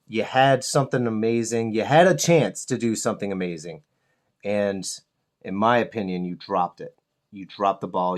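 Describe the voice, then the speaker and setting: Guy painting minis and ranting, swears a lot, gets loud and animated. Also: medium pitch. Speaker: miniature painting channel host. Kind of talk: casual chat while painting.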